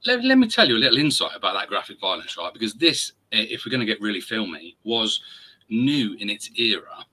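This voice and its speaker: A man's voice: on the low side, very animated, a little fast, bright, forceful tone, low-quality recording. A man in his forties hosting a podcast, chatting enthusiastically and rambling with fillers. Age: 40s. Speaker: podcast host. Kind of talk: casual chat.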